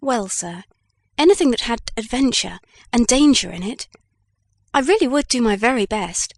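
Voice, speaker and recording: A woman's voice: fairly high pitch, lively intonation, moderate pace, no echo. A woman voicing an eager young male reporter in an audiobook, earnest and pleading.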